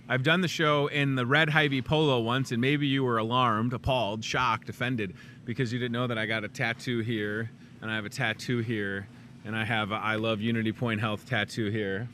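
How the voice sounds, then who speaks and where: Man, talk show host, from the Chicago suburbs, rambling, jokey, very bright voice, faint store hum. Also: medium pitch. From Chicago suburbs, USA. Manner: rambling and jokey, chatty asides. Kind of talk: casual live talk show chat. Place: inside a grocery store.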